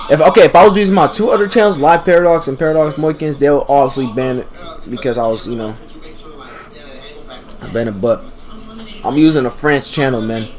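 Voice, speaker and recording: A man's voice: medium pitch, a little mellow. Guy on a livestream chanting the same word over and over, talking to chat in between, regular middle voice. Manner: chants one word over and over in a rhythmic loop. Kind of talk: casual livestream chatter to chat.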